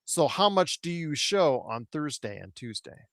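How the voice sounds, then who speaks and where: A man's voice: fairly high pitch, big pitch swings, unhurried, dry recording. A man hosting a casual sports talk show, asking long, rambling questions with lots of hedging. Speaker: podcast host.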